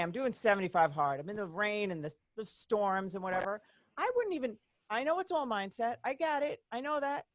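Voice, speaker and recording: A woman hosting a casual interview, talking in an animated, exclaiming way. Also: medium pitch, brisk, dry recording, studio quality. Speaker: podcast host.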